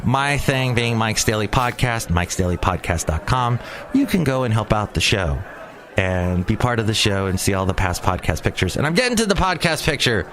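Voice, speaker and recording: A man's voice: medium pitch, a bit bright. A man in his forties hosting a solo podcast, rambling with jokes and asides. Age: 40s. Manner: rambling, joking, wandering asides. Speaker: podcast host. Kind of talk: casual solo monologue. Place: small hot room.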